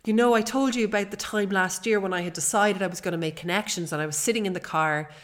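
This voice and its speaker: A woman's voice: medium pitch, fast talker. A woman, hosting a personal podcast in an earnest, chatty way with fillers. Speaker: podcast host.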